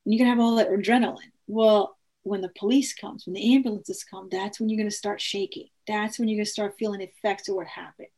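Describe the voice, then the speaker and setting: A woman telling a personal story in an earnest, animated way, acting out the dialogue with frequent restarts. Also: mid-range voice, quick pace.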